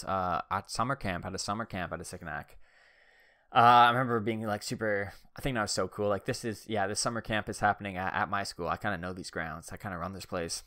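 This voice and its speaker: A young man hosting a podcast tells meandering, casual stories and fills them with "like." His voice is fairly low with a sharp tone, recorded dry with clean studio sound.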